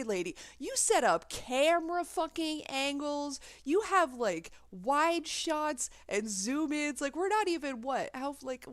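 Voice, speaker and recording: A woman's voice: high voice, no room sound. A woman making a reaction video, ranting with indignation and swearing freely in casual commentary.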